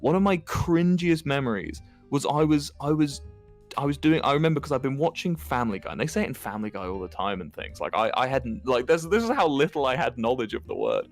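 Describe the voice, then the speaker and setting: Gravelly young British man telling a candid story. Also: medium pitch, big pitch swings, fairly quick, faint music behind. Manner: candid storytelling with frequent swearing. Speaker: podcast co-host. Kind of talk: casual podcast chat.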